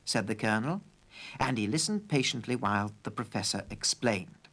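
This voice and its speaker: A man narrating a children's story in a lively, playful way. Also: lowish voice, normal speed, breathy edge.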